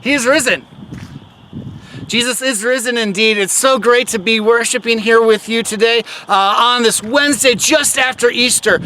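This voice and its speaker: Man, high voice, casual chapel talk, storytelling, conversational. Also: normal speed, bright, forceful tone, slight background noise. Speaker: chapel leader.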